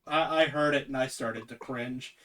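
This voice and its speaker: A man's voice: mid-range voice, normal speed, bright, forceful tone, recorded from a distance. Easygoing Midwest Canadian man. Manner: easygoing, laughs often, trails off with fillers. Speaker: tabletop game player. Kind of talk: casual chat.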